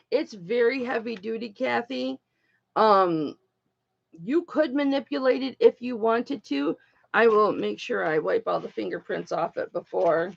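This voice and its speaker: A woman hosts a jewelry auction livestream in an unhurried, rambling way. Her voice has a gravelly, creaky texture. She speaks warmly to her viewers, and the sound is a little dull and lo-fi. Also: fairly high pitch. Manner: affectionate, emotional, rambling, addresses viewers as honey and baby. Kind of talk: casual livestream chat.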